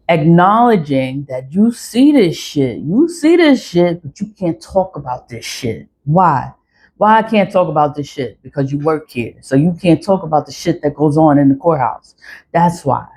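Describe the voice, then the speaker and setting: Defiant woman vlogger, slightly low voice, blunt and profane, loops her phrases. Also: a little mellow, husky. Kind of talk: ranting monologue to camera.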